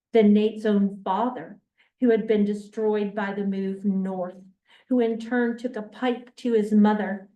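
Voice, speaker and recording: Slow, earnest woman in an echoey room. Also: medium pitch, warm tone. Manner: earnest, emphatic, checks listeners follow. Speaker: book discussion leader. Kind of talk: reading aloud and discussing a novel in class. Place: classroom or church meeting room. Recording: echoey room, mic far off.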